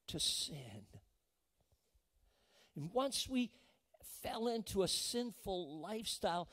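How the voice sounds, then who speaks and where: A man's voice: high voice, sing-song, takes it slowly, long pauses, a bit bright. A man preaching a sermon as pastor, telling folksy stories with restarts and frequent "right?" asides to the congregation. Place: church sanctuary. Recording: long church hall reverb.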